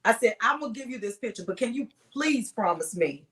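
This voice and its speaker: A middle-aged woman, a singer as a guest, telling stories with lively acted-out quotes in a relaxed chat. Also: fairly high pitch, fairly quick. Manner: animated storyteller acting out voices. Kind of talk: casual interview storytelling.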